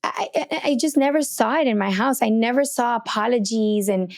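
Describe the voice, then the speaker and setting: A woman's voice: a little high, moderate pace, darkish tone. A middle-aged woman hosting a faith and relationships podcast, telling a personal story in a candid, chatty way and acting out her own thoughts. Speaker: podcast host.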